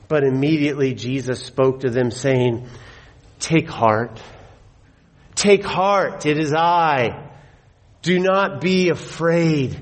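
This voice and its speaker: A middle-aged man preaching a sermon, telling stories with animated delivery and slowing down to stress his points. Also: medium pitch. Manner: animated storyteller, slows for emphasis. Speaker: pastor.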